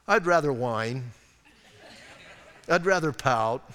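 A male pastor preaching a sermon in a church, humorous and conversational, swinging between soft asides and emphatic points. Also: fairly high pitch, expressive, normal speed, big-room sound.

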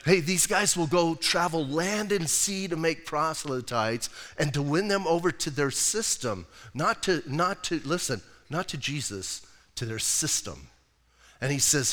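A man's voice: fairly high pitch, a little slow, fairly bright tone. A middle-aged man, a pastor preaching a casual sermon, telling personal stories and reading scripture aloud. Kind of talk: conversational sermon. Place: church sanctuary. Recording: long hall reverb.

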